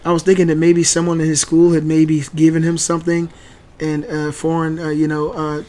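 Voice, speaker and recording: A man hosting a channel, telling a family story casually and acting out the quoted lines loudly. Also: on the high side, monotone, brisk. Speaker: channel host and father.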